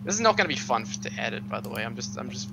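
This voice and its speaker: A man commentating a speedrun race over voice chat, bantering quickly and laughing often. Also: medium pitch, vocal fry. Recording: steady hum under the voice chat.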